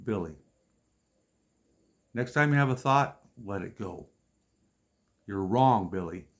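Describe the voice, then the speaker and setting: A man's voice: fairly low pitch, slow pace. Wry man in his fifties telling stories. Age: 50s. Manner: wry, exasperated, deadpan asides. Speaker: storyteller vlogger. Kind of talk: casual comic storytelling.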